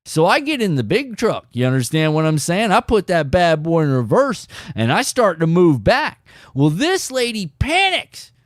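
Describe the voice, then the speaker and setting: A man tells a story to his viewers in an emphatic, casual way, and his pitch leaps up and down as he talks. The sound is dry and close, with no room echo. He keeps turning to the audience to check they are following. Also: moderate pace, hardly any pauses. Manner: animated and emphatic, keeps saying "dude". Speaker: fishing channel host.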